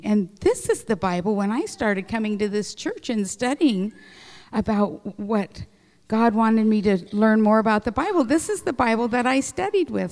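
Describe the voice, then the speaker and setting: A middle-aged woman telling a Bible story to children during a church service, animated and expressive. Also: mid-range voice. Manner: animated storytelling with acted-out voices. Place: church sanctuary. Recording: reverberant church hall.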